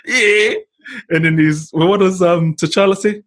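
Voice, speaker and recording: A young man hosting a casual chat with friends, animated and laughing a lot as he acts out film lines in voices. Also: sits high, measured pace. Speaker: podcast host.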